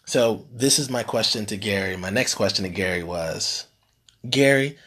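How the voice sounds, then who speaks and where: A man's voice: on the low side, normal speed, fairly bright tone. A man, a real estate team leader, telling a story in a rambling, casual way with many fillers and frequent "right?" tags. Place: live streamed session.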